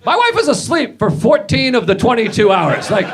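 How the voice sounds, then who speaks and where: A male stand-up comedian with a high voice that jumps around as he rambles and mocks himself. He breaks into sudden shouted bits. The clip carries clear audience noise and clicks. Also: huge pitch swings, moderate pace. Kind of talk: stand-up set. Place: comedy stage.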